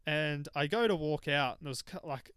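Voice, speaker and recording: A young man co-hosting a podcast, telling stories in a casual, animated way. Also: a little high, normal speed, smooth, no echo. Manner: animated storytelling. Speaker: podcast co-host. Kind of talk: casual chat.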